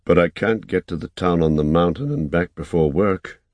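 A man reading an audiobook, voicing a worn-out young man who speaks slowly and haltingly. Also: low voice, a little mellow, dry recording, natural voice. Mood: weary. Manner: slow, halting, thinking aloud.

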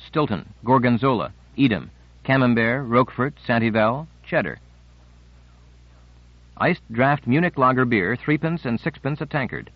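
Measured male audiobook narrator. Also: medium pitch, no echo. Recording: dry, slightly muffled studio recording.

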